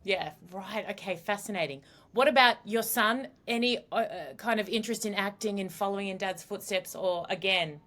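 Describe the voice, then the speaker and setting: Female interviewer, warm and gushing, conversational delivery. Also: medium pitch, moderate pace, few pauses. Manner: warm, effusive and encouraging. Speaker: interview host. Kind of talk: casual interview chat.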